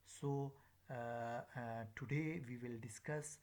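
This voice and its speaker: A man's voice: mid-range voice, fairly even intonation, slow, darkish tone. A man giving a recorded lecture as a teacher, speaking in a hesitant way with many filler sounds.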